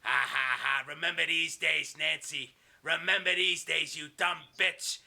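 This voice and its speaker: A man voicing a cold, menacing male villain leader who drawls out slow, sneering threats. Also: a little high, fairly even intonation, creaky, bright, forceful tone, heavily acted. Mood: gloating.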